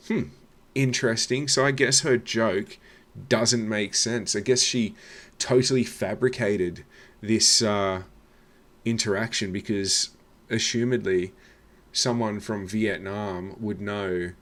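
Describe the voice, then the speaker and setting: A man giving a reaction commentary on comedy sets. His voice sits low and he takes his time, and his remarks come out dry and sarcastic. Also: fairly bright tone.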